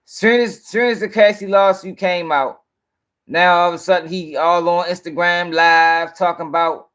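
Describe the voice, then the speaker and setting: A man's voice: fairly high pitch, fairly bright tone. A man hosting a live-stream news show, ranting in casual, profane, rambling talk and sounding tired.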